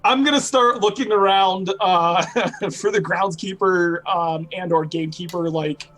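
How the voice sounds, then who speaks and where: A man's voice: high voice, a little slow, fairly bright tone. A man playing a tabletop game, talking bluntly and dryly in casual chat.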